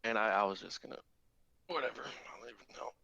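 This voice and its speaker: A man's voice: fairly low pitch, quick pace, gravelly, pushed and bright, husky, no echo, dull audio. Joking young man, dry close sound. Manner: joking, trails off, self-mocking. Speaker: podcast guest. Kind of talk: casual podcast chat.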